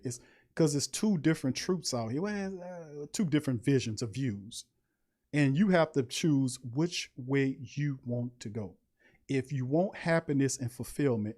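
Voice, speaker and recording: A man hosting a podcast in a casual livestream monologue, preachy and emphatic, with slangy talk and sudden high-pitched emphasis. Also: warm tone. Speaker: podcast host.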